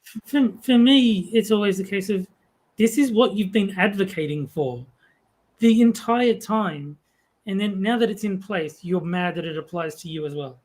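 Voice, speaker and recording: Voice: medium pitch, moderate pace, darkish tone. A co-host on a casual political chat stream, mostly chiming in briefly but here making one longer argued point.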